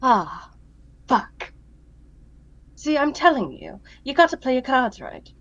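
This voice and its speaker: A woman's voice: high-pitched, sing-song, slow, full character voice. An Australian woman reading aloud the lines of a brash, troubled teenage character, on a dull lo-fi mic. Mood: sulky.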